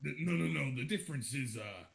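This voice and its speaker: A man's voice: mid-range voice, animated, fairly quick, vocal fry, a crowd in the background. A man improvising a crude comedy sketch in a mock-announcer delivery, swearing often.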